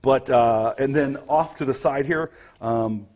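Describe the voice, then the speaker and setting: A man's voice: medium pitch, a little slow, darkish tone. A man narrating a tabletop game as game master, setting scenes vividly with frequent ums and restarts.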